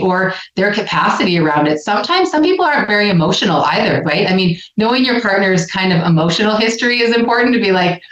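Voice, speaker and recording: A woman co-hosting a relationship podcast in casual conversation, animated and playfully acting out what people say. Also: medium pitch. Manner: animated, playfully acts out quoted lines. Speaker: podcast co-host, relationship psychologist. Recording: roomy, dull lo-fi sound.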